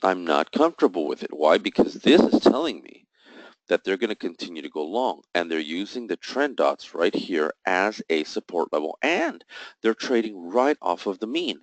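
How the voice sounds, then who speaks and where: Deep-voiced man coaching traders. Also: big pitch swings, normal speed, no echo, poor audio. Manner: explains step by step, asks and answers his own questions; emphatic, jokey asides. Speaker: trading instructor. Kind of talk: live trading session walkthrough.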